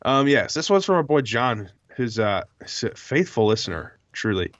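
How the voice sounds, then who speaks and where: A man's voice: mid-range voice, big pitch swings, normal speed, fairly bright tone, muffled recording. A man hosting a casual podcast, laughing often as he reads listener mail aloud. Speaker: podcast host.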